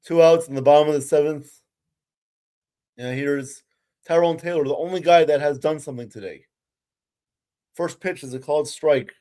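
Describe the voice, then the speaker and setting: A man's voice: on the high side, moderate pace, pauses often, dark tone. A young man doing amateur live play-by-play of a baseball game as a frustrated, ranting fan who curses now and then.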